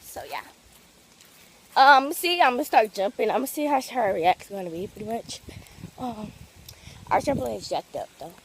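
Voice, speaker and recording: Teen girl vlogger, lively bouncing pitch, rambling chatty delivery, phone camera at home. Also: moderate pace, long pauses, a little hiss or hum. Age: teens. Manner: chatty, rambling, many fillers. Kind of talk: casual home vlog. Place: house and backyard.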